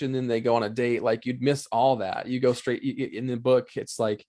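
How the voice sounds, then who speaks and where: Guy guesting on a podcast, halting, lots of likes, middle pitch. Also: flat delivery, dark tone. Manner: hesitant, lots of fillers and restarts. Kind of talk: casual chat.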